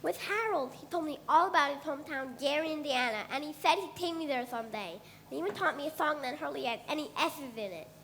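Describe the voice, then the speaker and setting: A woman's voice: high voice, expressive, fast, hardly any pauses, fairly bright tone, slight background noise. A woman playing a shy young boy in an amateur stage musical, talking eagerly and singing.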